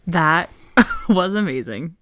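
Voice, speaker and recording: A woman's voice: lowish voice, expressive, slow, a bit bright, dry recording. A woman co-hosting a podcast, chatting in an amused, giggly way. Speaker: podcast co-host. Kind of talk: casual chat.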